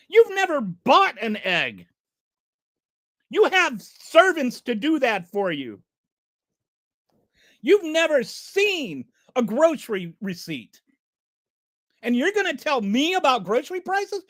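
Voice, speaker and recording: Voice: high voice, very animated, slow, long pauses, fairly bright tone, no echo. Fed-up channel host ranting sarcastic, voice jumps all over, dry close mic. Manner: exasperated, sarcastic. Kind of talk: ranting political commentary.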